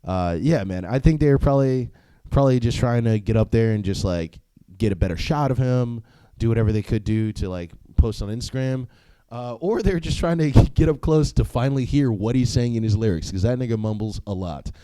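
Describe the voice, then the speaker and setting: A man's voice: mid-range voice, fairly quick, warm tone, clean tone, no echo. A young man hosting a solo podcast, talking casually in a profane, rambling way, with frequent laughs and filler words. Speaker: podcast host.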